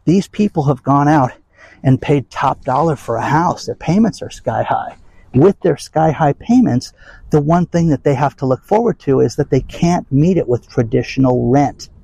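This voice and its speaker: A man's voice: a little high, lively intonation, moderate pace, creaky, warm tone, breathy edge, no room sound, poor audio. An older man ranting bluntly and emphatically to his audience in a rambling vlog. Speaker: vlog host. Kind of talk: casual rant to camera.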